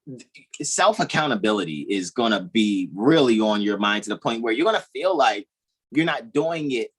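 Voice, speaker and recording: A man giving a casual astrology talk as co-host over a video call, animated and thinking aloud. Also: mid-range voice, normal speed, breathy edge.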